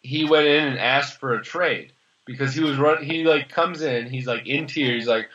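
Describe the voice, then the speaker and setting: A young man in his early twenties co-hosting a podcast, chatting casually and sarcastically about sports, rambling and quick to laugh. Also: medium pitch, fairly bright tone. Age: early 20s. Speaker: podcast co-host. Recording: slightly dull lo-fi sound.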